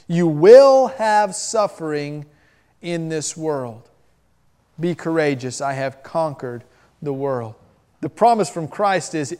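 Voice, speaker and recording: A man preaching a sermon, emphatic, moving between loud stressed phrases and soft drops. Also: sits high. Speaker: pastor.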